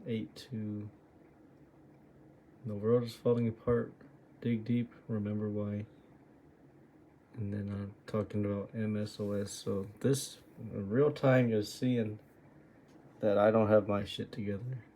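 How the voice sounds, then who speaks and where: Slow, gravelly low-voiced man muttering. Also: level tone, mellow, slight background noise. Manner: exasperated, swearing at himself, thinking aloud. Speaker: trader reviewing his trades. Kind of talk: muttering self-critical screen review.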